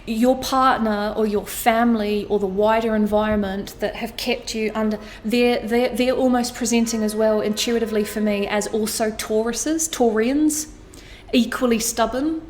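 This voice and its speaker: A woman talking straight to camera through an intuitive star-sign reading. Her voice sits a little high, and she speaks in an animated, blunt way with the odd casual swear word. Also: normal speed, slight background noise. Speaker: astrology tarot reader.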